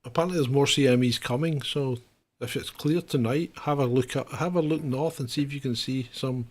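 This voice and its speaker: A man hosting a casual chat show, chatty and unhurried, talking to his viewers. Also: mid-range voice. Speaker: host.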